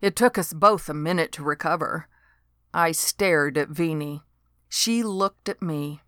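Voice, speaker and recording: A woman's voice: sits low, a little slow, fairly bright tone, clear, resonant tone, dry recording. A woman narrating a storybook in a dry, wry delivery.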